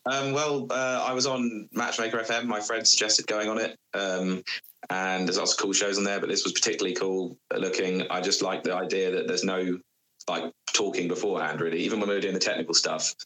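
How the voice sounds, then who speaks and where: A man from England with a Bristol accent, a guest in a casual podcast chat, friendly and quick to laugh. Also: deep voice, little pitch movement, sharp tone, low-quality recording. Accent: English, Bristol.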